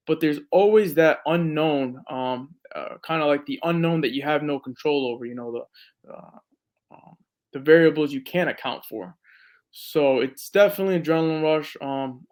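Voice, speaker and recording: A man, a veteran and police officer, talking earnestly as a podcast guest with lots of fillers. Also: a little high. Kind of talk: casual interview talk.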